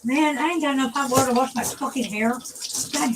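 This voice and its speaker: A woman's voice: on the high side, expressive, fast, background noise. A woman live streamer chatting casually and rambling, blunt and profane, often laughing.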